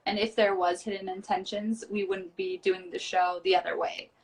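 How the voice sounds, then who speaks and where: A woman's voice: medium pitch, flat delivery, moderate pace. A tired woman from the United States, a reality show guest, chatting bluntly and swearing casually on a live stream from a small storage room. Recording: voice from far off the mic.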